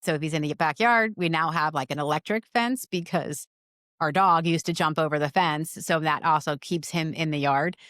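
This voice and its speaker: A woman in her forties, a mother talking earnestly in an interview, in quick bursts with many restarts. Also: sits low, a bit bright, dry recording, clean studio sound. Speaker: guest, mother. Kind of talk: conversational interview.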